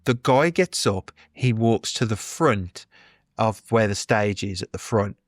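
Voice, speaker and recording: A middle-aged man, co-hosting a podcast and telling an animated story with a laugh in his voice. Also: fairly low pitch, measured pace, dry recording, studio quality. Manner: chatty, animated, laughs while telling stories. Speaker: podcast co-host. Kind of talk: casual chat, storytelling.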